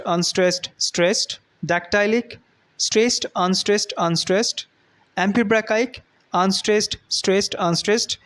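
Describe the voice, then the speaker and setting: A man teaching a lecture and explaining step by step, often pausing with "uh, you know" and checking in with a rising "hmm?". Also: sits high, fairly bright tone. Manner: halting, many fillers, rising "hmm?" checks. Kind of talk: classroom lecture.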